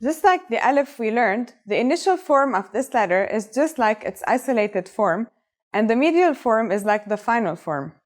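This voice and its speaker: With lively intonation at a moderate pace, this woman language teacher walks viewers step by step through a scripted lesson. Her slightly higher voice comes across upbeat and encouraging.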